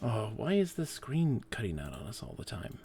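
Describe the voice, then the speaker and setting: A man's voice: medium pitch, huge pitch swings, moderate pace, dark tone, a little hiss or hum. A man chatting casually and joking while playing a game on a live stream. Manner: jokey, easily laughing, rambling. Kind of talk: casual joking chat during a gameplay stream.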